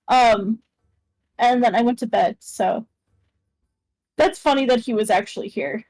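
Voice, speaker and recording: A woman playing her character in a tabletop game, bubbly and quick to laugh, over an online call. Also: on the high side, a little mellow, no room sound, poor audio. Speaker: player. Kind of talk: in-character tabletop role-play. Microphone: online call microphone.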